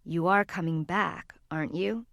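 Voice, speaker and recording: A woman reading the lines of a worried teenage boy in a low, hushed voice. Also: normal speed, creaky, no echo, studio quality. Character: teenage boy, anxious but steady.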